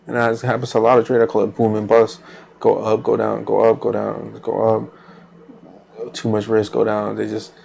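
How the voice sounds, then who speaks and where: Hosting a trading channel, a man chats casually while trading live, rambling loosely with repeated phrases and fillers. His voice is lowish, gravelly and a little mellow, with slight background noise.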